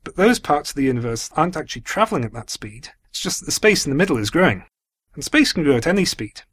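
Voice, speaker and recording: A man answers listeners' astronomy questions on a podcast, explaining in a measured way. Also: on the high side, big pitch swings, fairly bright tone, slightly rough.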